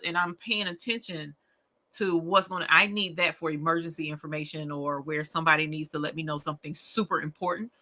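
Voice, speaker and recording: A woman with a lowish, sharp-toned voice hosts a late-night rhinestone crafting livestream. She chats to viewers in a rambling, folksy way and laughs often.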